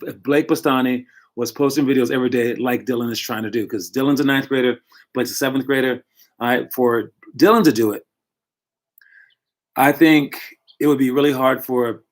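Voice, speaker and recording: A male youth basketball coach talks to his young players in a relaxed, encouraging way, often stopping to correct himself mid-sentence. His pitch sits in a plain middle range for a man. He speaks from home into a computer microphone. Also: moderate pace. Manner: casual, encouraging, self-correcting. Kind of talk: motivational talk to young players.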